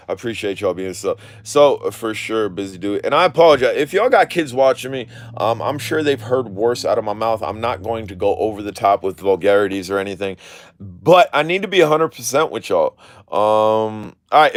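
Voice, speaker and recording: Speaking candidly on a casual live stream, this drone video creator rambles and swears freely in clipped, slangy street talk. His voice is on the low side, recorded with studio quality and no room sound.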